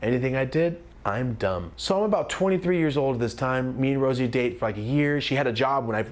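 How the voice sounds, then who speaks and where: A young man in his twenties, a comedian, telling a story with lots of energy, sometimes shouting out lines. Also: medium pitch, a little fast. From California. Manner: animated, screams and shouts quoted lines.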